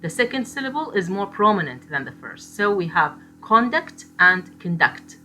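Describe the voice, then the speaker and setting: A woman, a native Arabic speaker, gives a phonetics lesson in a bright, clear voice. She explains at a patient pace and repeats each example word, slipping into short Arabic asides. Faint music plays underneath. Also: lowish voice, sing-song, normal speed. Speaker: teacher. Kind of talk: phonetics lecture.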